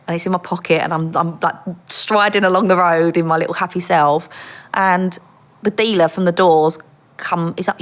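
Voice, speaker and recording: A woman who is a former undercover police officer, telling animated anecdotes as a guest and acting out the people she quotes. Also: fairly low pitch. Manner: lively, acts out quoted voices, laughs often.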